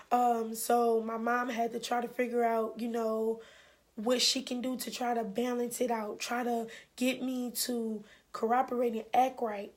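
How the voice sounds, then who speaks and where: A woman's voice: a little high, normal speed. Candid woman telling her story. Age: 20s. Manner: candid and animated, voices people she quotes. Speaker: vlogger. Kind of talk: emotional storytime.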